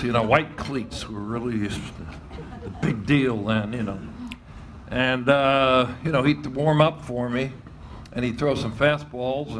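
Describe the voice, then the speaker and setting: An older man, a former baseball coach telling animated stories and often laughing as he acts out quoted voices. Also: medium pitch, noisy background. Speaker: retired baseball coach and athletic director. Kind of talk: storytelling interview.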